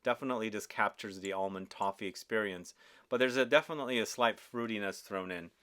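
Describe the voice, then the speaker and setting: A man's voice: fairly low pitch, quick pace, a bit bright. A man hosting a casual perfume review, talking with enthusiasm and often asking viewers questions. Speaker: fragrance reviewer.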